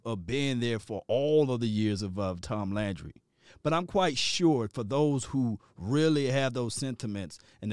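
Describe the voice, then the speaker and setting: A man hosting a casual live stream, talking with his chat in an animated way, often repeating words and laughing. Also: mid-range voice, smooth, no echo, clean studio sound.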